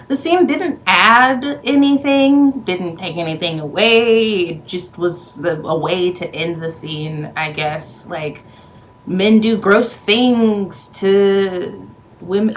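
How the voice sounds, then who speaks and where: A woman's voice: medium pitch, rough recording. Sarcastic, rambling woman recapping a movie. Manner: profane, rambling, full of "like" and asides; sarcastic and exasperated. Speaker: movie reviewer. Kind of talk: casual movie recap vlog.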